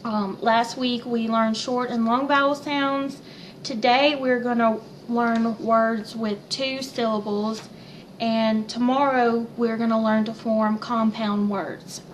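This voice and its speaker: A young woman teacher walking through her lesson plan in a plain, unhurried way with a few fillers. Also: fairly high pitch, fairly even intonation, a little hiss or hum, low-quality recording.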